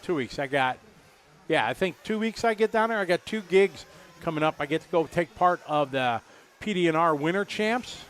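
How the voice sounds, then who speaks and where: A man's voice: a little high, expressive, moderate pace, a bit bright. A middle-aged man doing live race commentary, chatty and rambling, joking with viewers.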